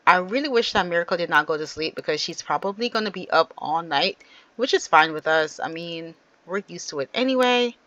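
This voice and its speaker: Bright, lively woman narrating gameplay. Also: on the low side, fairly quick, dry recording, muffled recording. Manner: chatty, addresses viewers directly. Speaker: gaming channel host. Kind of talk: casual gameplay commentary.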